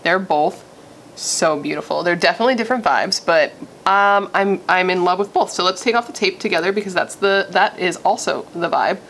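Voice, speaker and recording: A young woman from Missouri chatting casually and gushing as she does a makeup tutorial, thinking out loud. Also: on the low side, a little fast, slight background noise. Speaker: beauty vlogger.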